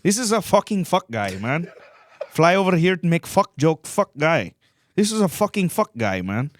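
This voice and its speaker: A man's voice: a little high, sing-song, moderate pace, dry recording, pitched above the performer's own voice. A man putting on a thick Indian accent to play an indignant man ranting in crude, broken English.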